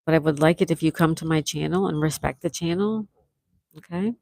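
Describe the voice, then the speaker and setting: A woman's voice: low voice, fairly quick, gravelly, darkish tone, no echo, studio quality. A woman hosting a casual livestream, chatting and reading out viewer comments, laughing often. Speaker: livestream host.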